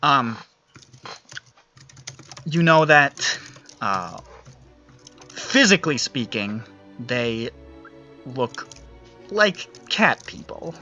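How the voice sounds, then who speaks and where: Bright-voiced man running a tabletop game. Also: medium pitch, very slow, long pauses, muffled recording, faint music behind. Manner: relaxed, rambling, many fillers. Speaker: game master.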